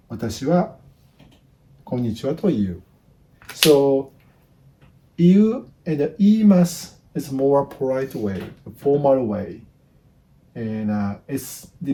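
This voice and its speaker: A Japanese man in his fifties with a Japanese accent, teaching basic phrases in casual, halting English, often repeating words and restarting. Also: mid-range voice, dark tone. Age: 50s. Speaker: language teacher. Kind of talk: casual spoken lesson.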